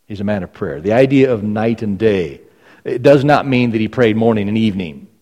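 A man's voice: on the low side, lively intonation, fairly quick, warm tone. A man preaching a sermon as pastor, emphatic and repeating phrases for stress. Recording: long reverb of a large hall.

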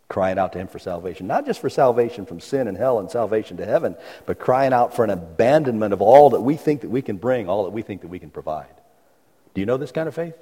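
Male preacher, sermon, earnest, scripture reading, mellow low voice, long hall reverb. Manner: earnest preaching, reads scripture aloud, builds to urgent pleas.

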